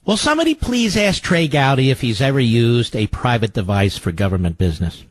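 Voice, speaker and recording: This older talk-radio host is very animated and talks a little fast. His political monologue drips sarcasm, lurching theatrically between booming jabs and low, mocking mutters.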